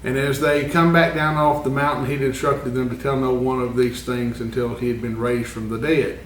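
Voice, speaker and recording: A man's voice: mid-range voice, little pitch movement, normal speed. Man, Bible class teacher, earnest, uh fillers, roomy echo, far from mic, faint hiss. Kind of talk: Bible lesson. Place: church classroom. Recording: echoey room, far from the mic.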